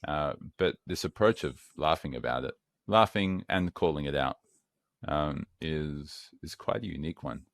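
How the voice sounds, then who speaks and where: A man's voice: very deep voice, normal speed, vocal fry, a bit bright, dry recording. A man in his thirties hosting a podcast, talking frankly and conversationally and swearing now and then. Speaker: podcast host. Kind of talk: podcast interview.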